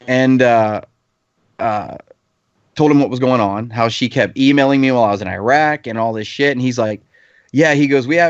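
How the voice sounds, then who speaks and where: A man's voice: medium pitch, dry recording. A man in his thirties, a podcast panelist telling a heated anecdote in casual chat, swearing freely. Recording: slightly dull lo-fi podcast audio.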